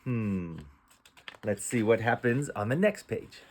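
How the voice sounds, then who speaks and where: Slow, patient man sounding out phonics. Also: mid-range voice, very animated, noisy background. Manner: sounds out letters one by one, then blends. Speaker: reading teacher. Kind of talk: slow phonics read-aloud lesson.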